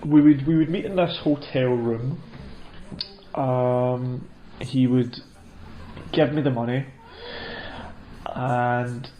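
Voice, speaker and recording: A man tells a comic story in a hesitant, rambling deadpan, tripping over restarts and fillers. His voice sits at a middling pitch. The sound is dull and muffled, with a roomy echo around it. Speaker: comedian. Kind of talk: deadpan comedic monologue.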